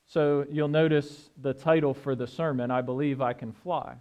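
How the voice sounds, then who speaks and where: A man preaching a sermon in a relaxed, conversational way, often checking in with the congregation. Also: mid-range voice, moderate pace. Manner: conversational, asks "right?" often. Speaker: pastor.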